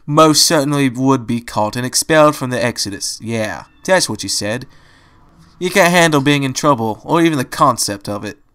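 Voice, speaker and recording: A man's voice: medium pitch, expressive, normal speed, fairly bright tone, clear, resonant tone, natural voice. A man voicing a cocky, chatty young male unicorn who teases his friend in a fan-fiction reading. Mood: teasing. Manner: teasing, chatty.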